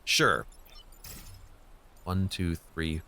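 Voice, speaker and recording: A man's voice: low-pitched, extremely slow, gravelly, background noise. A man streaming a strategy game, thinking aloud as he plans each move and often correcting himself. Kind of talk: live game commentary.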